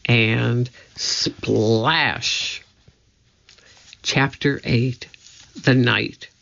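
A woman reading a children's storybook aloud in a measured, deliberate way, in a slightly dull lo-fi recording. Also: a bass voice, creaky, fairly bright tone. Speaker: audiobook reader.

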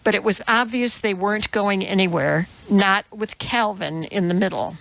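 A woman narrating a novel as an audiobook in a measured, even storytelling manner. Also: mid-range voice, vocal fry, dull audio. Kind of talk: scripted narration.

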